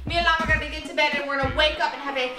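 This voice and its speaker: Super high bright young woman gushing over a toy party, echoey room, music playing. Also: very fast. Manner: gushing, excitable, lots of gasps and "like". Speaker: vlogger staging a toy pet party. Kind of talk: play-acting with plush toys, narrating to viewers.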